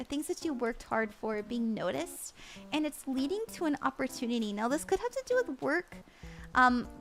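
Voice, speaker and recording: A young woman reading tarot live for her viewers, bubbly and giggly as she chats. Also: sits high. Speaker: tarot reader streamer.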